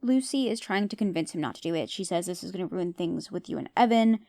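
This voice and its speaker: This podcast host is a woman with a lowish, warm, gravelly voice, lively intonation and a fast delivery. She recaps a TV episode casually, shares strong opinions, and frequently puts questions to her listeners.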